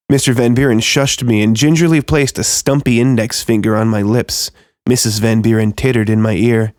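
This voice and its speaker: Man, horror narration, first person, tense and steady, mid-pitched, dry studio sound. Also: normal speed, dry recording.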